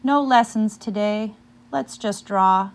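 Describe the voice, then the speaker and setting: A woman reading aloud as a kind, gentle male village teacher who speaks encouragingly and mixes in Spanish words. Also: sits high, slow.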